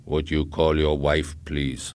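A man voicing a huge robot salesman who speaks calmly and evenly. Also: smooth. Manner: calm, measured, low.

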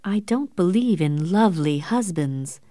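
A woman reading an audiobook, voicing a sensible, level-headed middle-aged sister who speaks in a measured, matter-of-fact way. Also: fairly low pitch, expressive, warm tone, dry recording, studio quality.

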